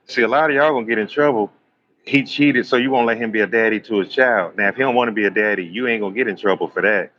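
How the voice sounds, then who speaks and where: A man's voice: fairly low pitch, fast talker, dull audio, slight background noise. A man, preaching bluntly and swearing on a live stream, acting out both sides of arguments. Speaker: live-stream host and self-styled prophet.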